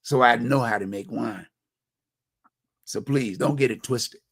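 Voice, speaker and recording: A middle-aged man from Hampton Roads, Virginia, hosts a community talk show, delivering a personal monologue on community violence in a mid-range, gravelly voice with a breathy edge. He speaks at a measured pace, bluntly and conversationally, repetitive and full of slang, in a dry recording with clean studio sound.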